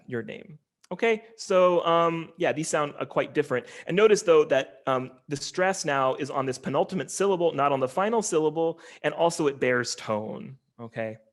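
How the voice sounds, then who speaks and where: A man with a slightly higher-than-usual voice gives an online academic lecture. He explains step by step, pausing often with ums and restarting sentences as he goes. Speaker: linguistics professor giving a lecture.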